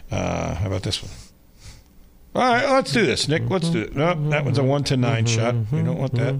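A man's voice: medium pitch, creaky, fairly bright tone, slight background noise. A man hosting a sports radio show who rambles and thinks aloud while he looks up races. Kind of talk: casual radio chat.

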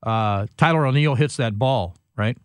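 A man's voice: medium pitch, measured pace, smooth, dry recording. An older man hosting a sports talk show, chatting and teasing his co-host, with plenty of fillers.

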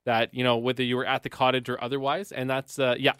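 A man's voice: mid-range voice, little pitch movement, fast, a bit bright, smooth, dry recording, clean studio sound. A man co-hosting a morning show, chatting casually, rambling and teasing. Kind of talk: casual chat.

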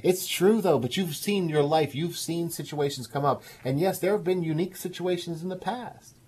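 A man hosts a call-in radio show about emotional health, his voice husky and breathy at the edges. He coaxes callers gently and laughs easily as he cheers them on. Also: fairly high pitch, moderate pace. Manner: encouraging, coaxing, laughs often. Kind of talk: call-in counseling talk.

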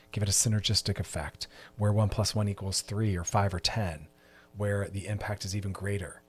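A man's voice: fairly low pitch, slightly rough. A man hosting a solo podcast, delivering an emphatic, preachy monologue with repeated refrains. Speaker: podcast host.

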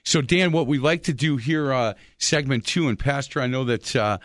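A man's voice: mid-range voice, moderate pace, no room sound. A man hosting a sports radio show in a studio, telling stories in a chatty way and laughing at his own tales. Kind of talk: casual radio talk. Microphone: studio microphone.

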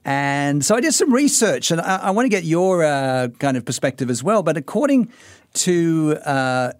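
A man's voice: on the high side, sing-song, moderate pace, no room sound, studio quality. A man with an Australian accent hosting a casual radio chat, explaining things with lots of fillers and restarts. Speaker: radio host. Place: radio studio. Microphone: studio microphone.

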